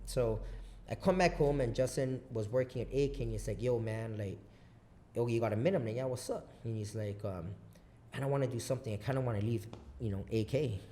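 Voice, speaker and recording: A man from Guam, a business owner, talks in a loose, profane, animated way as he tells stories on a podcast. His voice sits at a middling pitch. A faint hiss runs under the recording. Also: a little fast. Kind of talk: casual chat.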